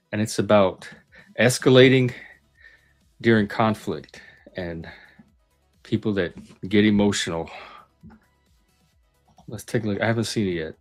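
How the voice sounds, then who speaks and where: A man casually reacting to news items on a live stream, musing out loud as he goes. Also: lowish voice. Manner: musing aloud, thinking out loud.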